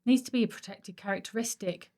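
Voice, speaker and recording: A woman from Stoke-on-Trent co-hosts a relaxed podcast chat. Her voice sits at a middle pitch, and she explains ideas in a chatty, psychology-minded way. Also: fast talker. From Stoke-on-Trent, England. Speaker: podcast co-host. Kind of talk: casual chat.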